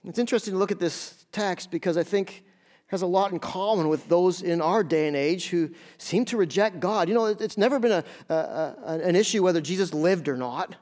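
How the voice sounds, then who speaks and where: A man's voice: high voice, a little fast, a little mellow. A man preaching a sermon in a church, talking conversationally and often asking the congregation questions. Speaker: pastor.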